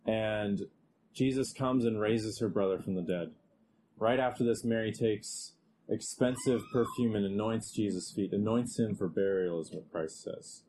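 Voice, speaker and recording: A male preacher giving a conversational expository sermon, growing animated when he reads scripture aloud. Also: on the low side, measured pace, a little hiss or hum, poor audio.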